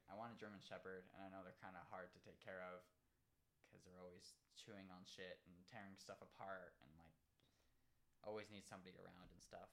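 A young man co-hosting a casual podcast, his voice low-pitched yet bright and forward. He tells stories in a laid-back, rambling way. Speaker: podcast co-host. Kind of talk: casual chat.

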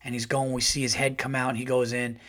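A middle-aged man hosts his podcast and tells a long story in a loose, casual way. He rambles, swears freely and gets animated as he goes. His voice sits at an ordinary pitch for a man. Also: fast talker. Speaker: podcast host.

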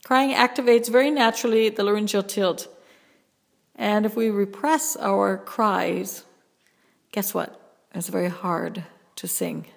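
Woman voice teacher, podcast host; slow, patient delivery with sung demos, reverberant sound. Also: mid-range voice, creaky. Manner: slow, gentle teaching with vocal sound demonstrations. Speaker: vocal coach and podcast host. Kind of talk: voice lesson with sung demonstrations.

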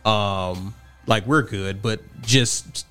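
A man's voice: lowish voice, very slow, smooth, soft background music. A man co-hosting a casual podcast, arguing his view firmly and acting out quoted conversations. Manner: assertive, animated, acts out quoted dialogue. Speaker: podcast co-host. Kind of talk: casual debate chat.

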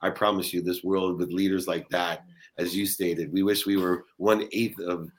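A man's voice: sits low, flat delivery, moderate pace. A man as an interview guest, talking earnestly and emphatically in a motivational way. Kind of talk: motivational conversation.

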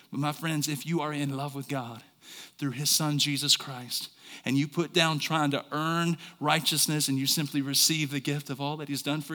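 A man preaching a sermon as a pastor, swinging from quiet talk to shouts and asking the congregation questions. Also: fairly high pitch, long reverb tail. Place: church service.

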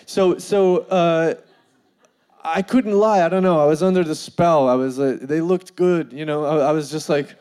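A man telling a funny personal story in an animated way, full of fillers and laughing as he goes. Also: a little high, moderate pace, clear, resonant tone. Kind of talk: comedic storytelling.

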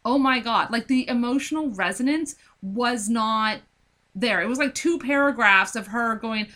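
A woman in casual chat about a book and its film, animated and acting out scenes with lots of filler words. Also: on the high side, measured pace. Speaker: book discussion co-host.

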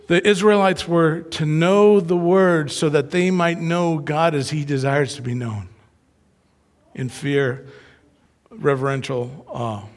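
Animated male preacher in a reverberant hall. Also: on the high side. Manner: animated storyteller who acts out voices. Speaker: pastor. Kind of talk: sermon with personal stories.

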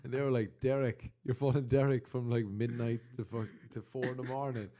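Young man, Irish accent, casual storytelling, laughs often, warm dark voice. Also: medium pitch, fairly quick. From Ireland. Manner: animated storytelling, laughs a lot, swears casually. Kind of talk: casual chat.

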